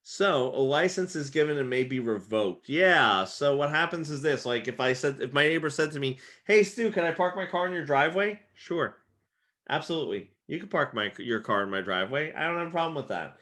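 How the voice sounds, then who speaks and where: Man instructor, bright voice, chatty with lots of fillers, voice wearing out. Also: mid-range voice, expressive, fairly quick. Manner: chatty, filler-heavy with many "like" and "okay". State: losing his voice. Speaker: real estate exam instructor. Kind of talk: casual spoken lesson.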